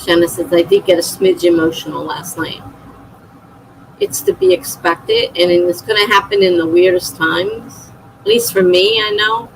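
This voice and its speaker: A woman's voice: on the low side, steady tone, normal speed, a little hiss or hum, low-quality recording. A middle-aged woman hosting a livestream, chatting casually and laughing often as she reads viewer comments aloud. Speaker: livestream host.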